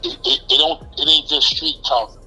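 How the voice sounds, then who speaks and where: A man's voice: a little high, fairly even intonation, normal speed, pushed and bright, slightly rough, faint music behind, rough recording. New York man telling street stories. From Brooklyn, New York. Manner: loose street slang, restarts, acts out quoted voices. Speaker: interview guest. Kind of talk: casual storytelling.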